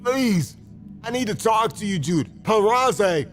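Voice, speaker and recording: A man's voice: sits high, animated, slow pace, soft background music. A man in a played clip, begging frantically and repeating himself, close to tears. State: near tears. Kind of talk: desperate pleading monologue.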